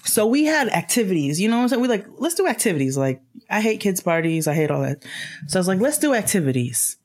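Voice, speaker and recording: A young adult woman co-hosting a casual podcast chat, telling stories in an animated way. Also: mid-range voice, quick pace. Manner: animated storytelling with laughs. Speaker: podcast co-host.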